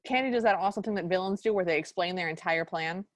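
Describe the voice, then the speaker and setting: A woman's voice: lowish voice, fast talker, no echo. A woman co-hosting a podcast, recapping a movie in casual chat with a sarcastic, exasperated edge. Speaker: podcast co-host.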